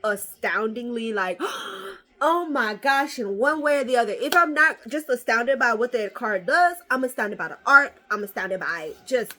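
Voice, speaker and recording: A woman casually opening trading card packs on camera, excitable and profane, swinging between hushed murmurs and loud squeals. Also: on the high side, moderate pace. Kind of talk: casual unboxing vlog.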